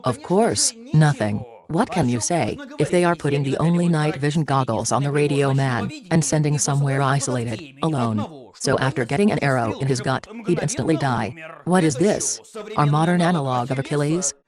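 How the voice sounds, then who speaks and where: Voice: medium pitch, moderate pace, crowd noise. Sarcastic narrator mocking a film. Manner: slightly broken English phrasing. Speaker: film reviewer. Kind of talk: scripted review narration.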